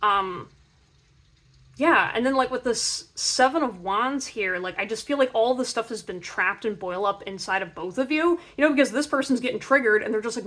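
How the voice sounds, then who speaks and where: Young woman, tarot reader, chatty and animated, slightly high voice, casual reading. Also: a little fast. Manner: chatty, animated, heavy on filler words.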